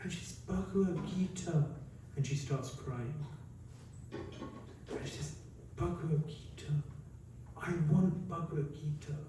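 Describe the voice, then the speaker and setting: A man voicing an elderly woman with a walking stick, who calls out in high, breathless, thrilled bursts. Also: slow, pauses often, darkish tone, a little hiss or hum, lightly acted. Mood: overjoyed. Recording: echoey hall, heard from a distance.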